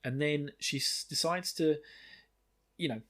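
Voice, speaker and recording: A man's voice: on the high side, fairly bright tone. A man hosting a podcast, recapping a book chapter in casual chat, rambling and laughing, with the odd swear. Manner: rambling, laughing, swearing, quick acted quotes. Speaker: podcast host.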